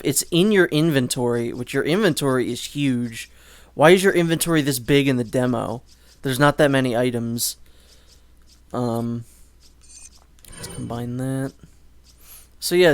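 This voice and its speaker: A let's play host with a mid-range male voice rambles casually through gameplay commentary, chatty and prone to restarting sentences and swearing suddenly. The recording has no echo.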